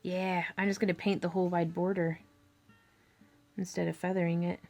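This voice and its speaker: A woman's voice: fairly low pitch, flat delivery, moderate pace, dark tone, faint music behind. A woman hosting a crafting tutorial, chatting casually and thinking aloud as she works. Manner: chatty, thinking aloud, with fillers and little laughs.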